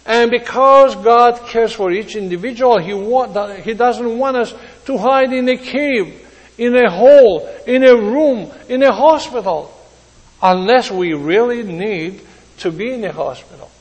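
A man's voice: very high-pitched, a little slow. A man preaching a sermon, acting out the quoted speakers with dramatic repetition. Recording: long reverb of a large hall.

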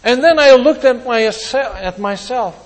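A man preaching a sermon, earnest, with pauses and restarts, his voice rising and dropping. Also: very high voice, long reverb tail, low-quality recording.

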